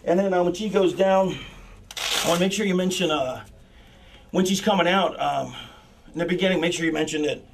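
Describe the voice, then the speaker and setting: A man's voice: sits high, fairly quick, gravelly, long pauses, far from the mic, poor audio. A man backstage walking through a planned wrestling match, rambling and profane, with many fillers and restarts.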